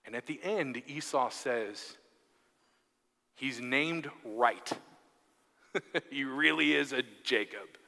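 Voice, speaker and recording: A man's voice: mid-range voice, a little slow, vocal fry, pushed and bright. A man preaching a sermon, reading scripture aloud and then commenting conversationally, acting out the quotes. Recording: long hall reverb.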